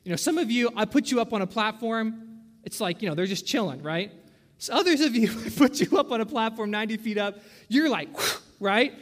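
A man's voice: sits high, expressive, a little fast, fairly bright tone. A young man preaching a sermon, chatty and conversational, often checking in with "right?". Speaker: pastor. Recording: long hall reverb.

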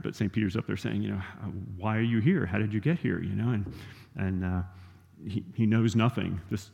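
A man's voice: fairly low pitch, vocal fry, a little mellow, in a large hall. A man preaching a sermon in a conversational teaching manner, often checking in with "right?" and using fillers.

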